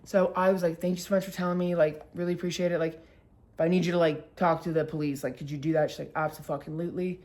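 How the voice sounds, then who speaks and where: Casting: young woman, storytime vlogger, lowish voice, animated, swears a lot, peppers everything with "like". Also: quick pace. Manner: animated, swearing, heavy use of "like". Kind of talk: casual storytime vlog.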